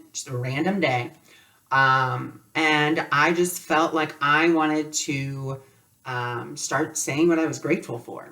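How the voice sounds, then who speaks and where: A man's voice: on the high side, a bit bright, recorded from a distance. Man, spiritual teacher, casual lesson, filler-heavy chat, a little off-mic. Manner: loose, conversational, with frequent "like" fillers. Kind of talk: casual spoken lesson with personal stories.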